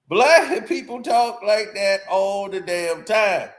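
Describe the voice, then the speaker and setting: Animated man laughing through commentary. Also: sits high, extremely slow, roomy sound. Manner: laughs often, animated and joking. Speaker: streamer reacting to news. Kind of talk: casual reaction commentary.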